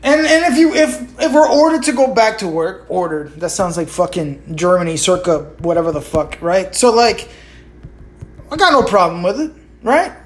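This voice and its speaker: A woman's voice: medium pitch, lively intonation, moderate pace. A woman hosting a solo podcast, ranting with heavy swearing, sarcasm and constant rhetorical asides. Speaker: podcast host.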